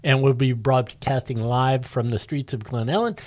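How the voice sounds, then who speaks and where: An upbeat man hosting a community radio hour, moving easily between chat with his guests and promotions for the station. His voice is mid-pitched and his talk is loose and full of fillers. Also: moderate pace, darkish tone. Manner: upbeat, chatty, with many fillers. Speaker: radio host.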